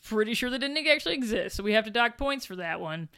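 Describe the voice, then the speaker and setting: A woman's voice: on the high side, animated, fast talker, pushed and bright, clear, resonant tone. A woman co-hosting a casual book review chat, speaking in a dry, sarcastic way. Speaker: podcast co-host.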